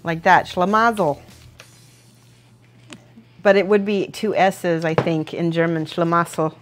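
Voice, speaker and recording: A woman's voice: lowish voice, steady tone, slow pace, soft background music. Chatty laughing woman thinking aloud. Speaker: livestream host painting models. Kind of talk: casual chat while working.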